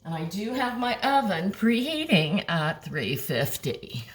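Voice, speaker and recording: Speaking at a measured pace with a medium-pitched voice that swings widely, an older woman cheerfully walks viewers through a recipe at home, chatting with them and her dog. Pots and pans clatter in her echoey kitchen, picked up by a distant mic.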